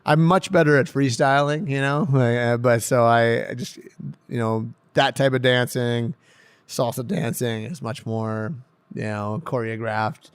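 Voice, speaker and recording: A man, a professional hockey player, telling stories in a casual podcast interview, laughing often and getting loud when excited. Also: mid-range voice, a little slow, clean tone. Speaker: pro hockey defenseman guest.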